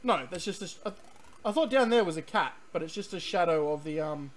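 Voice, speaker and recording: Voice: medium pitch, expressive, brisk, slight background noise. A game streamer giving rambling, chatty let's-play commentary, full of ums and restarts, sometimes reading on-screen text aloud.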